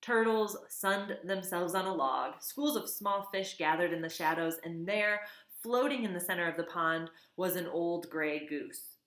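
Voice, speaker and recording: A woman reading a children's novel aloud, expressive, with casual asides. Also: on the low side, measured pace. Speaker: reader. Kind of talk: storybook read-aloud. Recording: echoey room.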